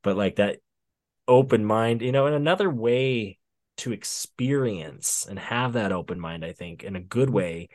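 A man co-hosting a podcast in casual chat, telling stories with big swings in his voice. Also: unhurried. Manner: animated storyteller with big pitch swings.

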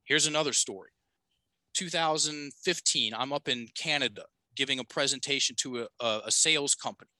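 A man's voice: mid-range voice, brisk, sharp tone, no room sound, poor audio. A man who is a podcast guest and coach, telling a story in a casual, emphatic way and swearing freely.

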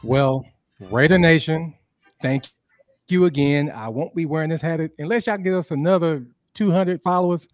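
A man's voice: a little high, moderate pace, no echo, faint music behind. A man co-hosting a sports talk show, speaking with enthusiasm. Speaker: podcast co-host. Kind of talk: casual chat.

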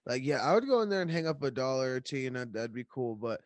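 A man's voice: medium pitch, big pitch swings, fast talker, no echo. A young man co-hosting a podcast, blunt and crude, swearing freely. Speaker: podcast co-host. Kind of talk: casual podcast chat.

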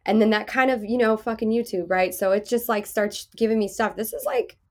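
A woman in her thirties hosting a podcast, with a soft, soothing voice, chatting frankly and laughing often. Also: a little high, very animated, fairly quick. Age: 30s. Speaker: podcast host. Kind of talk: casual podcast chat.

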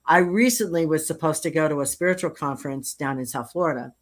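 Low-voiced older woman host. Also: fast talker. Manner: storytelling, laughs at her own jokes. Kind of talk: casual interview chat.

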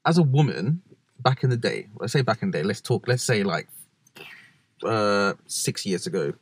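A man's voice: fairly low pitch, sing-song, normal speed, breathy edge, no echo. A man in casual chat who tells stories animatedly and acts out the people he quotes.

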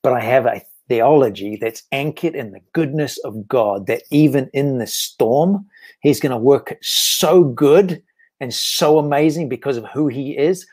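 A man's voice: mid-range voice, animated, unhurried, a little mellow, breathy edge. A man, a guest author speaking earnestly and reflectively about faith in a casual interview. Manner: earnest and reflective, with frequent restarts.

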